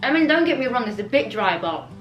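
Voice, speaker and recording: A young woman chatting casually in a reading vlog, outspoken and animated as she reacts. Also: a little high, fast talker. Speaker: book vlogger. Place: home room. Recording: roomy echo, faint background music.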